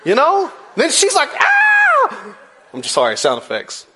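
Give me a male pastor in his forties, preaching a playful sermon with lively, swooping pitch. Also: a little fast, a little hiss or hum. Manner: animated storytelling, playful asides. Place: church.

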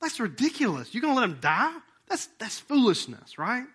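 Animated preacher with twang. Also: male voice, extremely high pitch, moderate pace, slightly rough. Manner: lively, conversational preaching with sudden loud emphatic bursts; leads the congregation in breathing exercises. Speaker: pastor. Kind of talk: sermon.

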